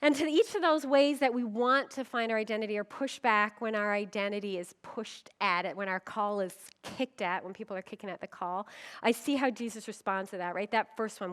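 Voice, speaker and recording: A woman's voice: medium pitch, fairly quick, fairly bright tone, clean tone. A middle-aged woman pastor giving a conference sermon, telling stories with humor and acting out quoted voices. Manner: humorous, with frequent laughs.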